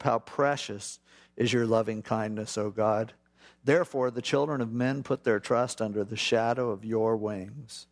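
A middle-aged man with a gravelly, creaky edge to his voice, teaching from scripture in a relaxed, conversational way. He slips into quick acted-out prayers and asides as he talks. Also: medium pitch. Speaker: pastor.

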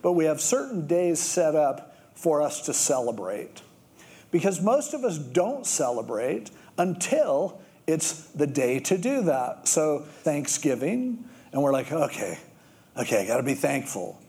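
Lively storytelling man preaching, mellow voice. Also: fairly high pitch, a little slow. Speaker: pastor. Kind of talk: sermon.

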